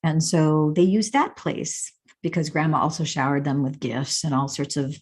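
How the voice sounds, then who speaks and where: A woman host with a slightly low voice answers viewer questions one by one. She talks with warm enthusiasm and an animated delivery, often bursting into excited exclamations. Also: normal speed, husky.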